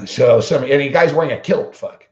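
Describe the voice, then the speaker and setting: A man's voice: medium pitch, normal speed. Swearing man ranting in a roomy room. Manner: heavy swearing, blunt and combative. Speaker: sports betting show host. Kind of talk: profane storytelling rant. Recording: roomy, dull lo-fi sound.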